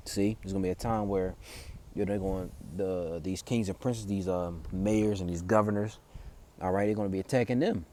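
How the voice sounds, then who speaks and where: Halting, low-voiced male preacher. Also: steady tone, dark tone. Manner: halting, loose, with many fillers and restarts; reads verses aloud, then explains them. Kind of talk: informal scripture and news commentary.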